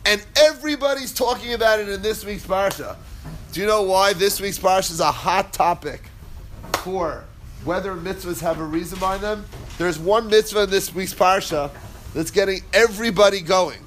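At a normal pace, a somewhat high-voiced man teaches a relaxed Torah class full of stories. He chats, wanders off on tangents and laughs while narrating, with faint background noise underneath.

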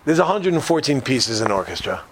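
A man's voice: medium pitch, sing-song, fairly quick, noisy background, lightly acted. A man voicing a proud older orchestra conductor who talks curtly and commandingly. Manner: curt, commanding. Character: proud old male orchestra conductor, curt and exacting.

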